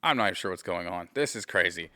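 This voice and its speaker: A man hosting a loose, rambling podcast from his garage, and his voice is low-pitched but bright and forceful. The sound is dry and close, with no room around it. He jokes easily, laughs at himself and keeps calling his listeners "guys.". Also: animated, fast, no echo. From Midwestern US. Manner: joking, self-deprecating, repeats "guys" often. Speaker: podcast host. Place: home garage. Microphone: camera mic.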